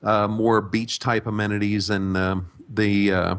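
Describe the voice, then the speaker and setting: An American man in his sixties, a guest telling relaxed stories with frequent restarts in a conversational interview. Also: fairly low pitch, unhurried. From United States. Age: 60s. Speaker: guest, retirement abroad expert.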